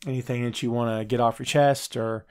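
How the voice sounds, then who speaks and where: A man hosting a laid-back wrestling talk show, riffing through his picks in an easy, chatty way. His voice sits at an average pitch for a man. He talks straight to the viewers and breaks into quick high-pitched voices when he quotes wrestlers. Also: steady tone, darkish tone, clean tone. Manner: chatty, jokey, addresses live viewers directly. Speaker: podcast host.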